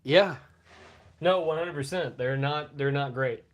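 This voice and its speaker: A man's voice: on the high side, measured pace. A middle-aged man co-hosting a casual live podcast, telling profane, rambling stories and coughing now and then after a bout of pneumonia. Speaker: podcast co-host.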